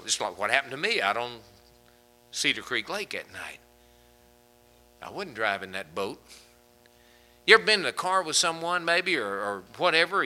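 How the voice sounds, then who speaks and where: A man's voice: medium pitch, bright, forceful tone, low-quality recording. A man preaching a sermon as pastor, folksy and conversational, chuckling between points.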